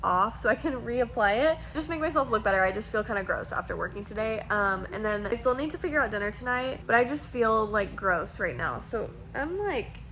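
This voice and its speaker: A woman's voice: fairly high pitch, animated, fairly quick, hardly any pauses, a bit bright, a little hiss or hum. A young woman, talking casually to her phone camera in a rambling vlog, full of "like" and "literally". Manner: chatty, rambling, lots of "like" and "literally". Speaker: vlogger. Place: at home, in bed, and in a car.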